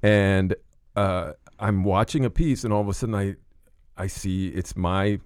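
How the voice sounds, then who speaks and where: Relaxed male podcast host, dry close sound. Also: sits low, unhurried, clear, resonant tone, no room sound. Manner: relaxed storyteller, laughs easily. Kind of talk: casual conversational interview.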